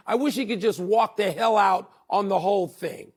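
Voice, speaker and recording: An older man co-hosting a sports talk show, arguing emphatically and slowing down to hammer his points. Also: sits high, animated, breathy edge. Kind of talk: heated sports debate.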